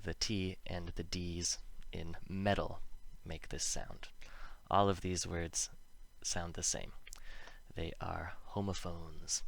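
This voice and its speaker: A man's voice: deep voice, vocal fry. A man teaching English pronunciation, explaining patiently and stressing each example word with care. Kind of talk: explanatory lesson with slow example words.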